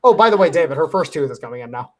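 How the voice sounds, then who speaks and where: A man's voice: on the high side, expressive, very fast, a bit bright. A man hosting a casual panel chat, telling stories in a rambling way, swearing often and laughing a lot, speaking into a headset. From Cleveland area, USA. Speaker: host.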